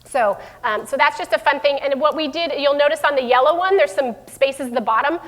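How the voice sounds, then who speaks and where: A long hall reverb colors the sound as a middle-aged school division head speaks to parents in a room during a live parenting talk. Her voice is a little high and fairly quick, and her warm, chatty style is full of fillers and self-corrections.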